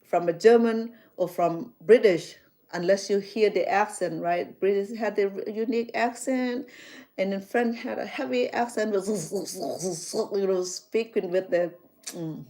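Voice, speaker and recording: Speaking with a Khmer accent, this middle-aged chef and vlogger from Cambodia rambles through casual chat, full of fillers and restarts. She talks at normal speed in a warm, mid-range voice.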